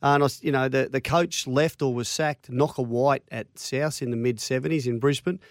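An Australian man co-hosting a sports radio show, chatting in a relaxed way and reading out listener texts. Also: medium pitch, dry recording, studio quality. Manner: relaxed, quick interjections, reads listener texts. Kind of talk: casual sports radio chat. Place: radio studio. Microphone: studio microphone.

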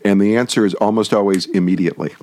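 A man's voice: fairly low pitch, fairly even intonation, quick pace, darkish tone, no echo. A man, a television writer, is a podcast guest telling stories with frequent restarts and repeated words. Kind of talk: casual conversational interview.

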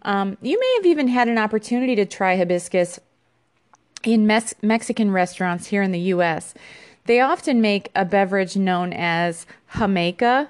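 A woman's voice: medium pitch, animated, moderate pace, smooth. A woman hosting a podcast about an herb, reading an informational segment with small fillers and restarts. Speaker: podcast host.

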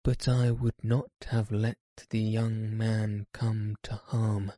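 A man voicing a weary, dying old man in a slow, grave audiobook reading. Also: fairly low pitch, flat delivery, dark tone, no echo. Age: older.

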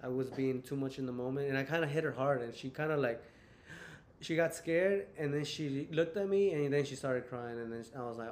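A man's voice: medium pitch, fairly quick, darkish tone, a little hiss or hum. A young man hosting a casual podcast chat, telling personal stories in a rambling way with many fillers. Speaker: podcast host.

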